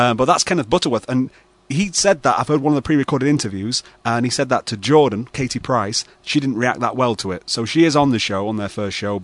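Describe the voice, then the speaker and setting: A man's voice: medium pitch, a bit bright, no room sound. Brief: man, radio host, rambling mock-serious delivery, dry close sound. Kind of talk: late-night radio banter.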